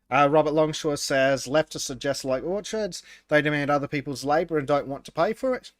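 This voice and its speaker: A man's voice: on the high side, normal speed, dry recording. A man co-hosting a casual podcast, reading chat comments aloud, laughing often and stumbling over his words.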